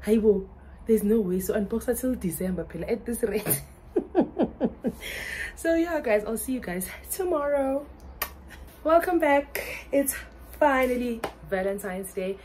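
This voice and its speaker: A young South African woman vlogging casually, excitable and laughing often as she mixes English and Zulu. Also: a little high, unhurried, a little hiss or hum, poor audio. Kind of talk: casual vlog chat.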